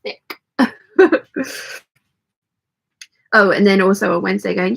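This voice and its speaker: A woman hosts a relaxed sewing hangout, her voice hoarse and croaky from being ill. She talks in a rambling, self-mocking way, with a gravelly rasp and a husky edge to every phrase. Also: fairly low pitch, measured pace, pauses often. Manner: rambling, self-deprecating, chatty. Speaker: sewing livestream host. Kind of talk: casual chat to live chat while sewing. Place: home sewing studio.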